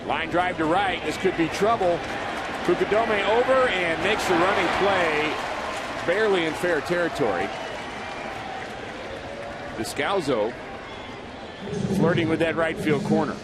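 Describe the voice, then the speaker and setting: A man calling baseball play by play from the booth, his voice sitting fairly high for a man. He chats easily and slips sponsor reads in between plays. Clear stadium ambience and background noise run under the broadcast. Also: moderate pace. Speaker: play-by-play announcer. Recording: broadcast audio with clear crowd and ambience behind.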